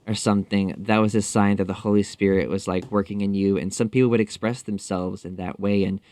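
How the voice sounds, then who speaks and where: As a guest on a podcast, a man answers a casual interview thoughtfully but haltingly, with many fillers and restarts. His voice is lowish and a little mellow, with fairly even intonation and no room sound.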